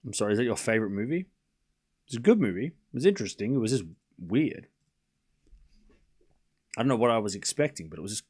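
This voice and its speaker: A man's voice: fairly low pitch, fairly bright tone. A man hosting a live tennis watchalong stream, calling scores and chatting casually with viewers, rambling and laughing often.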